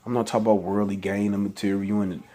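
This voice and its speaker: Reading scripture and then preaching on it in plain, conversational speech, a male religious vlogger keeps restarting and asking exasperated questions. His pitch is fairly low and barely moves, his tone is dark, and he talks quickly.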